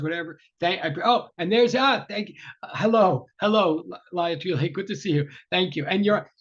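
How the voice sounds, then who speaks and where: A man teaching a university class over a video call, apologetic and flustered, chatty with many fillers and restarts. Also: sits high. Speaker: university lecturer. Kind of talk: casual online class opening. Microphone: tablet microphone on a video call. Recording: dull lo-fi video call audio.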